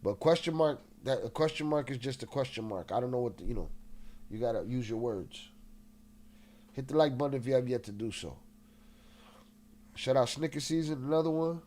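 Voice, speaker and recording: A man's voice: mid-range voice, lively intonation, a little fast, long pauses. Man, livestream host, casual chat, agitated, swears, slightly nasal. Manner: restless and agitated, swears freely, shouts out chat.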